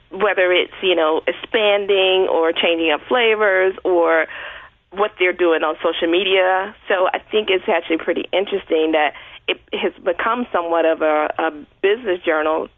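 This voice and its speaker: A woman's voice: lowish voice, normal speed, dry recording. Chatty woman on a tinny line. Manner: chatty, many fillers like "you know". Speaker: guest blogger. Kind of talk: casual radio interview. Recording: dry tinny phone-like line.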